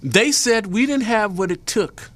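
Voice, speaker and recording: Animated man telling a story. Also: high-pitched, unhurried. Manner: lively, acts out the people in his story. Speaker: guest photojournalist. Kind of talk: animated storytelling in a talk show interview.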